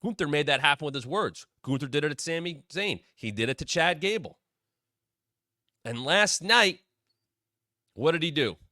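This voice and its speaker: A man hosting his own wrestling talk show, giving casual solo commentary and quoting people in quick asides. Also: on the high side, no echo, studio quality. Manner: animated, drops into quoted voices.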